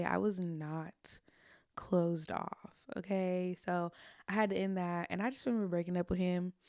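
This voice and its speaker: A woman's voice: fairly low pitch, gravelly, a little mellow, no echo, studio quality. A young adult woman hosting a podcast, telling stories about her own past in a candid, confessional way with casual slang. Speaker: podcast host.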